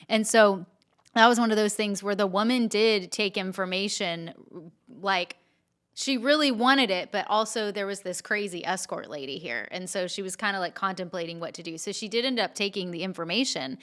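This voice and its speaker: A woman's voice: medium pitch, moderate pace, a bit bright, clear, resonant tone. A woman on a podcast telling a story in a chatty way. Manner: chatty, narrates with acted quotes.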